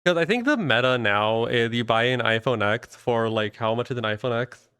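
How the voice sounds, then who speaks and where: A man's voice: mid-range voice, animated, normal speed, bright, forceful tone, smooth, no room sound, studio quality. A young man hosting a casual live stream as a VTuber, rambling loosely and swearing often.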